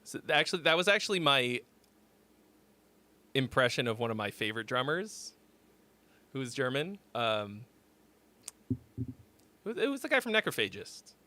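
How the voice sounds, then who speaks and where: A man in his forties hosts a music critique livestream in a loose, rambling chat. His voice is bright and ringing, and his pitch jumps around a lot. He swears freely and often cuts himself off mid-sentence. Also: very animated, normal speed, pauses often. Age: 40s. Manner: rambling, profane, self-interrupting. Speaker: host of a song critique livestream.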